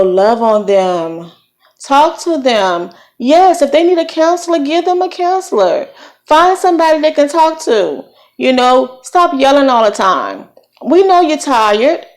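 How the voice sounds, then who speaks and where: A middle-aged woman from Virginia with a light Southern accent, giving encouraging, preachy parenting advice in a casual vlog. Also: mid-range voice. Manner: warm preachy encouragement with folksy phrasing. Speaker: vlogger.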